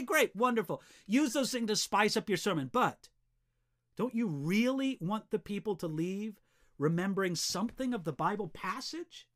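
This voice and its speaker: Earnest high-voiced man teaching preachers. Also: a bit bright. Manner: earnest, direct, repeats words when starting. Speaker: preaching instructor.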